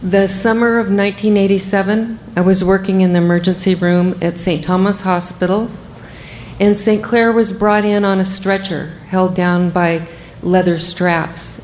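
An older woman, a physician, telling a first-person story in a measured, matter-of-fact way. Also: on the low side, steady tone, a little mellow, echoey room, slight background noise, rough recording.

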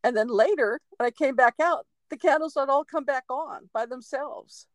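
A woman co-hosting a podcast, a medium telling a story in a lively, chatty way with laughs and acted-out quotes. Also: sits high, normal speed, no room sound, rough recording. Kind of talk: casual storytelling chat.

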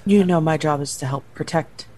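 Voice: medium pitch, brisk, a crowd in the background. A player in a tabletop game, speaking casually for their character. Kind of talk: tabletop role-play.

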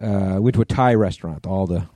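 A middle-aged man chats on a podcast in a relaxed, mellow voice. His stories wander, with plenty of restarts and casual swearing, and the close, dry studio sound keeps him right up front. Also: low voice, brisk, dry recording. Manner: rambling storyteller with many restarts and profanity. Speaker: podcast co-host. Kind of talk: casual chat.

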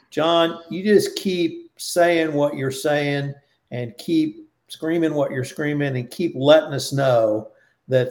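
Creaky-voiced man hosting a podcast. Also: medium pitch, a little mellow. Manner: emphatic, building lists. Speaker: podcast host. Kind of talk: casual roundtable podcast chat.

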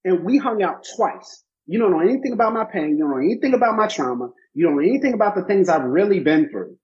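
A man's voice: high-pitched, lively intonation, quick pace. A man co-hosting a casual podcast, speaking emphatically and in a preachy way, repeating his points for emphasis. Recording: slightly muffled lo-fi audio.

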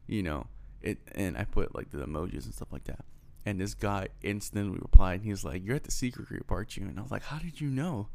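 A young man from Houston tells a loose, profane story in a casual monologue and acts out the voices of everyone in it. His voice sits a little low and has a gravelly, fry-laden texture. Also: fast talker, a little hiss or hum. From Houston, Texas. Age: young adult. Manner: rambling, profane, animated retelling with quoted dialogue.

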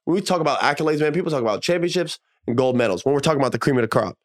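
A man, a former professional basketball player, co-hosting a casual sports podcast, talking in an animated, emphatic way with slang and casual swearing. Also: on the high side, very fast, dry recording, studio quality.

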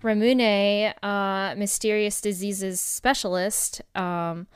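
A woman co-hosting a casual podcast chat, talking with many pauses and ums. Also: medium pitch, clear, resonant tone, no echo, clean studio sound. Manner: hesitant, many ums and likes. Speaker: podcast co-host.

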